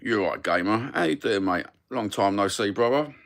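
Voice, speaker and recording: Low gravelly Cockney man chatting. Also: lively intonation, moderate pace, a bit bright. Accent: Cockney London. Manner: rambling, cheeky, swears freely. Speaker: livestream host. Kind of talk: casual live-stream chat.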